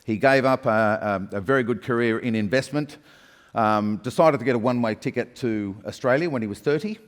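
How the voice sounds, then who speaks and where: A man's voice: medium pitch, brisk. A man moderating a stage interview, introducing his guest with a lot of hesitation and filler words. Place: large event hall stage. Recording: reverberant conference hall.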